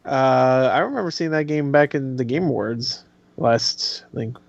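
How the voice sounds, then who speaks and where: A man's voice: medium pitch, moderate pace, vocal fry, no echo, highs cut off. A man co-hosting a casual gaming podcast, laughing often and swearing freely. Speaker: podcast co-host.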